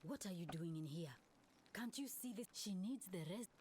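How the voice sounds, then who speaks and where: A woman's voice: on the low side, animated, moderate pace, darkish tone, a little hiss or hum, natural voice. An actress playing a caring woman healer who is tending a sick girl, speaking earnestly and with concern in video game dialogue.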